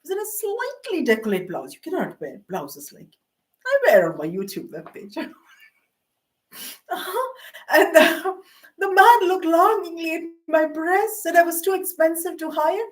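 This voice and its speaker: A woman's voice: very high voice, big pitch swings, moderate pace. A middle-aged woman telling rambling, self-mocking personal stories with many fillers and asides. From Canada. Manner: meandering, self-mocking, with frequent fillers and laughs. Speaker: vlogger.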